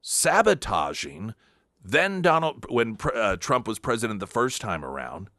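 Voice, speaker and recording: A man's voice: on the low side, very animated, a little slow, fairly bright tone, dry recording, clean studio sound. A man hosting a talk radio show, delivering an emphatic, combative political monologue with sarcastic asides.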